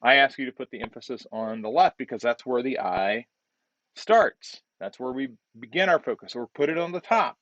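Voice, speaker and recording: Man giving relaxed design feedback. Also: mid-range voice, moderate pace, no room sound, muffled recording. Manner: relaxed, repeats words and restarts while demonstrating. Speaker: design instructor. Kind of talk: screen-share design feedback.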